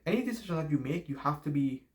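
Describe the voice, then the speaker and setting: A man's voice: on the high side, expressive, quick pace, a little mellow. Rambling accented man giving advice. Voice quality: noticeable non-native accent. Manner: rambling, self-correcting, swears casually. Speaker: YouTuber giving life advice. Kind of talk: casual advice monologue.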